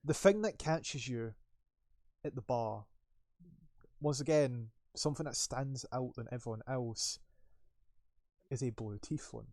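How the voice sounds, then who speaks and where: A man's voice: mid-range voice, measured pace, long pauses, darkish tone, dry recording, studio quality. Casual man narrating as game master. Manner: loose, rambling narration with many fillers.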